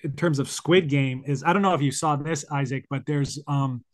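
Speaking at a normal pace in a slightly high voice, this man hosts a laid-back podcast chat. His talk wanders, packed with fillers and frequent restarts.

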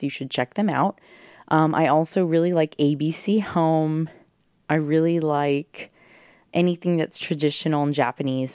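A woman's voice: sits low, a little mellow, dry recording, studio quality. A woman hosting a solo podcast at home, giving a peppy pep talk to her listeners and swearing for emphasis. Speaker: podcast host. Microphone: close podcast mic.

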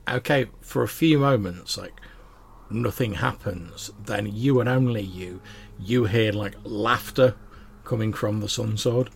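Slow gravelly male game master. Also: on the low side. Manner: descriptive, with frequent "like" fillers. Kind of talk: narrating a tabletop game.

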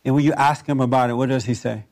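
A man's voice: medium pitch, steady tone, fast, darkish tone. A man counseling a guest, asking probing questions, repeating her answers back and now and then joking. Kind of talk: probing one-on-one conversation.

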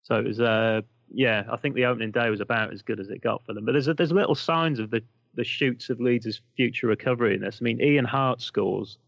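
A man's voice: mid-range voice, brisk, vocal fry, dry recording, muffled recording. A man co-hosting a casual football podcast with a dry, wry delivery. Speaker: podcast co-host.

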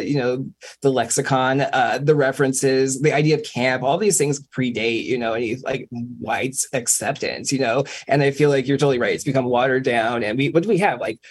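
A man's voice: medium pitch, a little mellow, slightly rough. A man in his forties, a guest DJ on a podcast, talking in a rambling, hedging way with wry jokes. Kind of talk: casual podcast chat.

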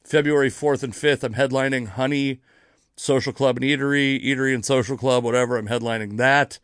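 A man talks alone into his podcast mic in loose, meandering chat, correcting himself mid-sentence and swearing offhand. His voice sits at an ordinary middle pitch. The sound is dry and close, with no room behind it. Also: fairly even intonation, brisk, fairly bright tone, clean tone, dry recording. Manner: rambling, self-correcting, casually profane. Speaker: comedian podcast host. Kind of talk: casual solo podcast chat. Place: near Seattle.

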